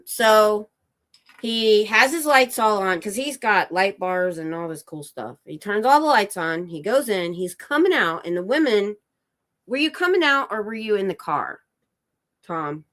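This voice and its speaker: A woman chatting casually on a livestream from home, telling a story. She rambles, circles back and stops to ask her husband for details. Her voice sits at a middle pitch for a woman. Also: very animated, a little slow, a bit bright. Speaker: livestream host.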